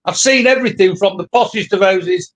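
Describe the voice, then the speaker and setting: A man's voice: sits high, brisk. A man who works as an electrician, chatting bluntly and swearing on a live show. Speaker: electrician, co-host. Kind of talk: casual live-stream chat.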